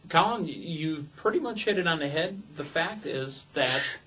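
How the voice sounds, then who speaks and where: A man co-hosting a wrestling talk show, breaking in with blunt opinions and quick jokes. His voice is bright and forceful, set a bit high. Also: animated, breathy edge, poor audio. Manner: blunt interjecting quips. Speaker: co-host. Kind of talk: casual wrestling show chat.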